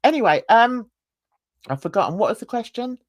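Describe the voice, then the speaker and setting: A woman's voice: on the high side, animated, a little fast, no room sound, studio quality. A woman hosting a casual livestream chat, rambling and gossipy as she greets viewers in the chat by name. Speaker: livestream host.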